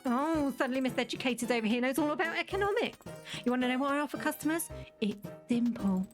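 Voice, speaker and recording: A woman voicing a grumpy, paranoid old woman merchant who blusters and accuses in a squeaky, raised voice. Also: lively intonation, quick pace, faint music behind. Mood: boastful.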